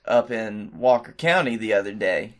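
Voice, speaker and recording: A man's voice: on the low side, lively intonation, normal speed. A man co-hosting a comedy podcast, telling an anecdote in a loose, profane, casual way. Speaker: podcast co-host.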